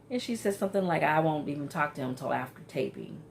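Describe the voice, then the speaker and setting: Low gravelly lady vlogger going over a reality show ep, lots of ums and "are you serious", faint hiss behind. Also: normal speed, pauses often. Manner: animated, exclaims in disbelief, frequent ums. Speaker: TV recap vlogger. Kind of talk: casual reality-show recap.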